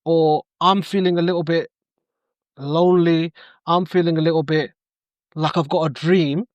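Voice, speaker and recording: A man's voice: on the high side, normal speed, no echo. A middle-aged man, a coach telling stories as a podcast guest and acting out the dialogue in them. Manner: animated storyteller acting out quoted dialogue. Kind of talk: conversational interview storytelling.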